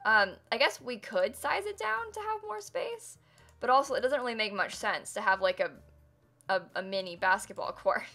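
A woman's voice: fairly high pitch, expressive, normal speed, bright, forceful tone. A young woman live-streaming a game build, chatting casually and laughing often as she thanks viewers. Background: faint music and keyboard typing.

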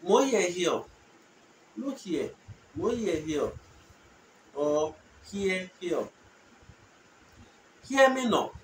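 A man giving a casual language lesson, repeating short phrases slowly so learners can follow. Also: high voice, big pitch swings. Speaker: language teacher. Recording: echoey room, distant mic, faint noise.

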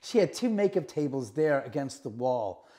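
A man's voice: mid-range voice, normal speed. A middle-aged man showing visitors around a room of his house, casually retelling ghost encounters and acting out the quotes. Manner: animated retelling with acted-out quotes. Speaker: house owner giving a tour. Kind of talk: casual storytelling.

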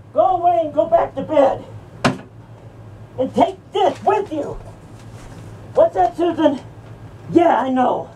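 A sneering male horror ghoul, put on by a woman, jeers and taunts, his high voice grinding with gravel as he breaks into shouts and cackles. He sounds set back from the mic, with a faint hiss of noise around him. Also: far from the mic, lo-fi sound. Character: sneering male horror character mocking a church. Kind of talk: improvised character rant.

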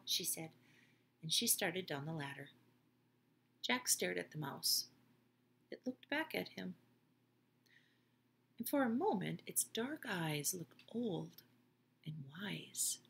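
Gentle storyteller reading to kids, bright tone, unhurried. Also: female voice, lowish voice, gravelly, a little hiss or hum. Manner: gentle, expressive. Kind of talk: reading a children's book aloud.

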